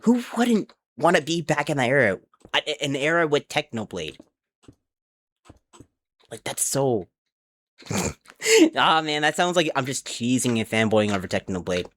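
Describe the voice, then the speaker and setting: A man's voice: medium pitch, very animated, a little slow, long pauses, fairly bright tone. Chatty young man streaming. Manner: rambling and chatty, talks to chat, counts aloud under his breath. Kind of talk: casual livestream chat while building in a game. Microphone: desk mic with headphone monitoring.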